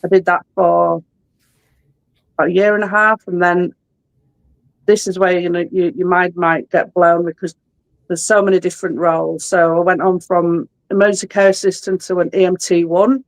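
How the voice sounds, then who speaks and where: A woman's voice: fairly low pitch, flat delivery, moderate pace, dry recording, poor audio. A woman in her forties with a Yorkshire English accent, an ambulance worker chatting as an interview guest, explaining things with frequent restarts. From Yorkshire, England. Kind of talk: casual interview talk.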